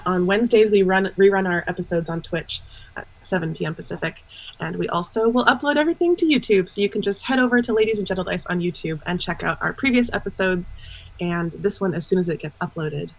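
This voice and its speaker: Brief: woman co-host, casual, chatty, plugs the stream, mid pitch. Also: poor audio. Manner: chatty, swears freely. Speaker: player and co-host.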